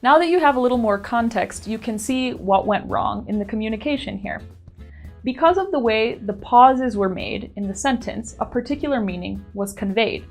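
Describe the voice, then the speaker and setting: A woman teacher giving scripted lesson narration in a clear, explanatory, evenly paced manner. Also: a little high, expressive, moderate pace, faint music behind.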